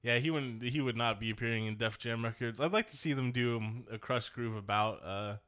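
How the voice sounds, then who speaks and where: This podcast co-host, a man in his twenties, has a mid-range voice that runs a little fast, with a slightly bright, clean tone. The talk is casual chat full of laughter and jokes, and he does voices for quotes.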